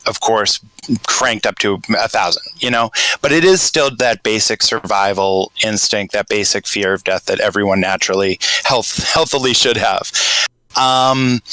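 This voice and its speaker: A man with a Boston accent, talking through ideas in a loose, hesitant way on a casual podcast and getting animated as he builds a scenario. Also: fairly low pitch, no echo, poor audio. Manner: rambling, hesitant, grows animated telling a scenario. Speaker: podcast panelist.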